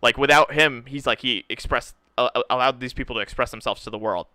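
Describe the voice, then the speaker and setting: A man's voice: medium pitch, fairly quick, clean tone, no room sound. A man co-hosting a casual chat, telling stories with lots of "right?" and "dude". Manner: animated storyteller, says "right?" and "dude" a lot. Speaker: co-host.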